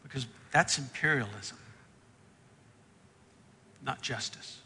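A man preaching a sermon, reading scripture and acting out the characters' lines with big jumps in pitch and loudness. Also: takes it slowly, slightly rough, long reverb tail. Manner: acts out the Bible characters' lines with big swings in pitch and volume. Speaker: pastor.

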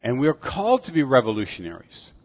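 An older man delivering a sermon in an earnest, measured way, with self-deprecating asides. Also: mid-range voice, huge pitch swings. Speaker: preacher. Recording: dull audio with long hall reverb.

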